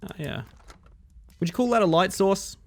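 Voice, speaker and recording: A man with a voice that sits high, speaking at normal speed, plays a horror game on a live stream. He comments casually and energetically, swears a lot, and addresses his viewers.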